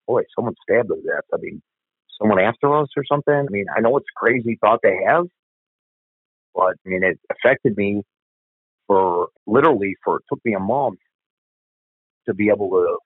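This lowish male voice moves briskly with a breathy edge, recorded dry with phone-quality sound. He's a middle-aged police officer in a candid interview, retelling a family tragedy bluntly and profanely and repeating himself as he recalls it, in conversational storytelling.

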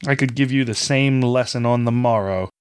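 A man's voice: mid-range voice, moderate pace, clear, resonant tone, natural voice. A man voicing a stern male tutor who speaks with cold disgust.

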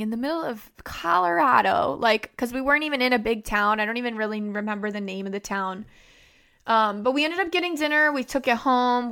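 A woman's voice: fairly high pitch, fairly bright tone, clear, resonant tone. A young woman hosting a podcast, telling a personal story in a conversational way, with frequent fillers and "like". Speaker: podcast host.

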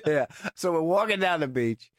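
Man, podcast host, deadpan storyteller, lively pitch, dry close sound. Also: unhurried, no room sound. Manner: deadpan storyteller, builds to punchlines. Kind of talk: casual chat, storytelling.

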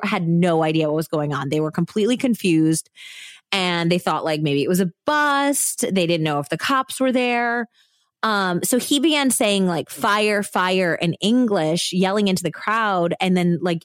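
A woman's voice: fairly low pitch, dry recording, studio quality. A woman hosting a podcast, recounting a true crime story in a casual, chatty way full of "like" and "you know". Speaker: podcast host.

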